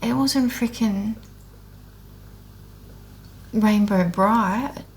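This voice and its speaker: Gravelly, slow-talking woman swearing freely. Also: medium pitch. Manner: blunt and heavily profane, rambling with restarts; earnest and emotional. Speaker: spiritual awakening vlogger. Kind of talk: candid unscripted monologue.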